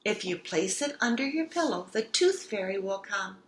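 A woman voicing a calm, patient mother pig who reassures her child. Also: mid-range voice, moderate pace, natural voice. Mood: reassuring. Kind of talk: storybook read-aloud. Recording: roomy echo.

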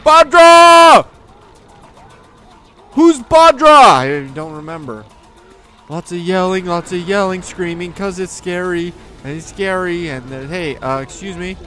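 A man doing let's play commentary in a goofy, joking way, often yelling at enemies. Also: sits high, a little slow, faint music behind. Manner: goofy, jokey, yells at enemies. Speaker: gaming video host.

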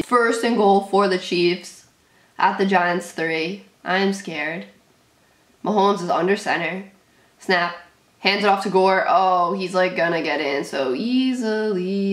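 A woman's voice: on the low side, normal speed, echoey room. A young woman calling an American football game live as a fan, in short clipped sentences, nervous and anxious. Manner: nervous play-by-play, shrieking at big plays. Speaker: sports fan commentator. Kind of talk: live game reaction commentary.

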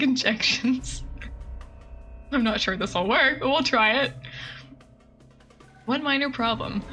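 A woman's voice: fairly high pitch, pushed and bright, rough recording. A woman voicing a greedy, scheming male doctor who plots to overcharge a family, reading in a gloating manner over faint game music.

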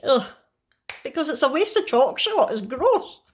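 A woman's voice: sits high, sing-song, a little slow. A Scottish woman chatting casually in a home kitchen for a family vlog, laughing often and cooing at pets. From Scotland. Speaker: vlogger.

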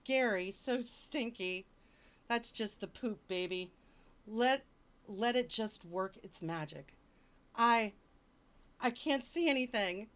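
A woman's voice: fairly high pitch, slow, pauses often, a bit bright. Wisecracking woman streamer reading aloud. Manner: wisecracking, mock-exasperated asides. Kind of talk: casual joking livestream reading.

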